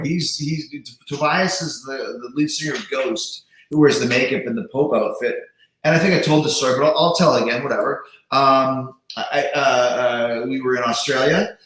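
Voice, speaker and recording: A man hosting a casual livestream chat, talking animatedly with quick restarts. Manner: animated, restarts, imitates voices with big pitch jumps. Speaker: host. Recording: very echoey room.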